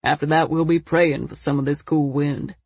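A woman doing a folksy gravelly old man. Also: steady tone, moderate pace, darkish tone, dry recording, full character voice. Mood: concerned. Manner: folksy rural grammar, lowered voice. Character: folksy older man, gruff but caring.

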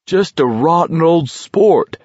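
A plaintive young man, as a male narrator voices him, crying out in a raised voice. He speaks slowly. The recording is dry and slightly muffled. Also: on the low side, dry recording.

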